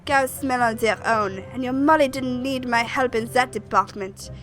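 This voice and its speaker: A woman voicing a sharp-tongued village witch who speaks in a dry, scornful way. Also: fairly high pitch, normal speed, faint music behind, close to an everyday voice.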